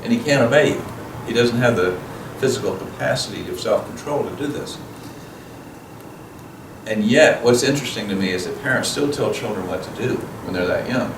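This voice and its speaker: A man's voice: medium pitch, moderate pace. A man giving a plain-spoken teaching talk as guest speaker at a parenting seminar, often acting out little dialogues between parent and child. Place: school event room. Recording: echoey room, voice from far off, noisy.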